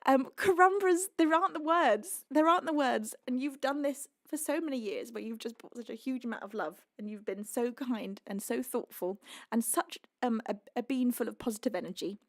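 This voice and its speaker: A woman's voice: a little high, moderate pace, no echo, clean studio sound. A young British woman hosting a music livestream, reading out donations in a casual, emotional way while laughing and crying. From United Kingdom. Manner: emotional, breathless, laughing through tears. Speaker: livestream singer and host.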